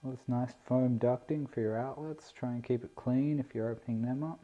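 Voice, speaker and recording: A medium-pitched man with fairly even intonation talks fairly quickly as he unboxes a model plane for his RC hobby vlog. He's laid-back and self-deprecating, recorded indoors on a camera mic with dull, lo-fi audio.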